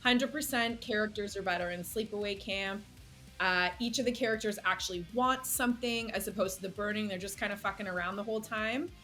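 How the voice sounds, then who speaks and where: A woman's voice: medium pitch, a little fast, pushed and bright. Woman guest on a casual panel show, blunt and sure of herself, faint music behind. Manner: confident, blunt.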